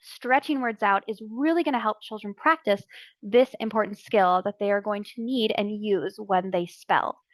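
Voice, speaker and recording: A woman presenting a training session for early childhood educators, explaining letters and sounds clearly and deliberately. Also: medium pitch, no room sound. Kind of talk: instructional narration.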